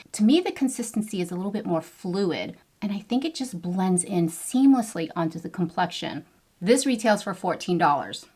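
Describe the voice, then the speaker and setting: A woman's voice: fairly low pitch, darkish tone. A middle-aged woman vlogging a chatty makeup review to camera, bubbly and playful with frequent exclamations. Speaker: beauty vlogger.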